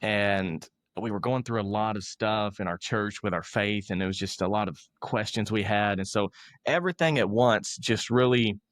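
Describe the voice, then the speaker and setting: A young man, a guest on an interview podcast, telling a story in a relaxed, self-mocking way and acting out other people's lines. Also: on the low side, normal speed, no room sound, clean studio sound. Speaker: motivational speaker, podcast guest.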